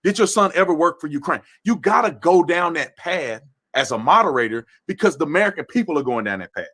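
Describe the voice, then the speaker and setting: A man's voice: on the high side, expressive, fast, a bit bright. A man hosting a political commentary livestream who talks animatedly and often restarts his phrases. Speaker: livestream host.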